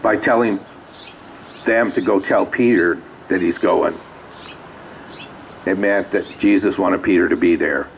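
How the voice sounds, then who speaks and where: Preacher guy, real low voice, chatty storytelling sermon, bit of faint noise behind. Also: measured pace, gravelly, pauses often, rough recording. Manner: conversational storytelling with asides. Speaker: pastor. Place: small rural church.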